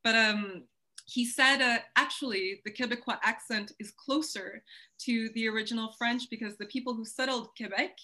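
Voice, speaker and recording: Woman from the US, bright clear higher voice, curious and playful interview guest. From United States. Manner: curious, playful, quick to laugh. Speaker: podcast guest. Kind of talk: casual interview chat.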